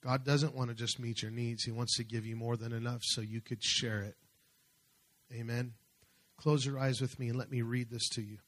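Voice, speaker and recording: A man preaching a sermon as pastor, fervent, slowing and swelling as he reads scripture. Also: mid-range voice, level tone, fairly bright tone.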